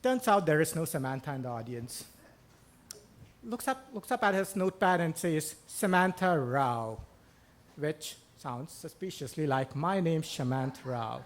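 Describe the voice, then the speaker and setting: A man recounting a personal story on a live stage, his voice pitched a little higher than most men's. He talks with a wry, self-mocking edge and drops casual profanity. He speaks into a stage microphone. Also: lively intonation, moderate pace. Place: stage before a live audience in a bookstore.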